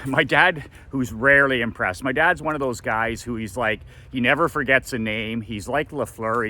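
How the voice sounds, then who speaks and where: A man with a bright, forceful voice tells a story as a motivational coach. He acts out the quoted lines with sudden high jumps in pitch. He repeats his motto the way a preacher would. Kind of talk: storytelling monologue.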